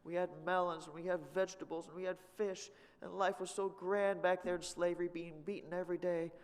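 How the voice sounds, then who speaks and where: A man's voice: sits high, little pitch movement, a little fast, clear, resonant tone, pitched above the performer's own voice, natural voice. A man voicing a whining Israelite man, tired of manna and complaining in a sing-song way. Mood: whiny. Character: whiny grumbling Israelite man, sick of manna. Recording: long reverb of a church hall.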